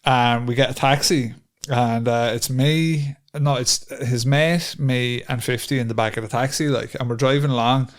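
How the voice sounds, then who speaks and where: A man's voice: mid-range voice, fairly even intonation, moderate pace. A man co-hosting a podcast, telling rambling stories in casual chat, swearing freely and laughing often. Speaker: podcast co-host.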